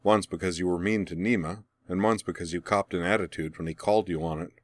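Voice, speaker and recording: A man's voice: low-pitched, steady tone, fast talker, dry recording, natural voice. A man reading the part of a brooding young man who speaks wryly and matter-of-factly. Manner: wry, matter-of-fact. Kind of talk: audiobook character reading.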